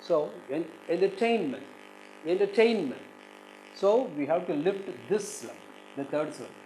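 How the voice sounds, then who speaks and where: A man's voice: on the high side, expressive, fairly quick, warm tone, a little hiss or hum, low-quality recording. A male English teacher with an Indian English accent gives a recorded lesson, saying each word several times and leaning on the stressed syllable. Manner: drills words by repeating them several times, stressing syllables. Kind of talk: recorded exam-prep lesson.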